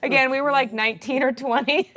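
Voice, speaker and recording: A woman's voice: high voice, fairly even intonation, brisk, fairly bright tone. Rambling, chatty woman telling a story. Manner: rambling, full of "like" fillers, quoting herself. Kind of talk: casual chat, storytelling.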